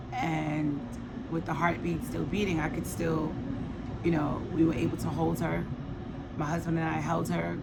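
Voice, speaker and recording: A woman in her thirties telling a personal story of loss, soft-spoken and halting, with many pauses. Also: deep voice, gravelly, heavy background noise. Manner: emotional, quietly reliving a loss. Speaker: guest sharing her story.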